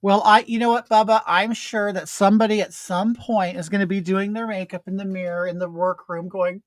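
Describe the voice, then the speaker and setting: A man's voice: high-pitched, fairly even intonation, brisk, no room sound. Man, drag queen host, catty and sarcastic, gossipy makeup chat, dry close sound. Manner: reads viewer comments aloud.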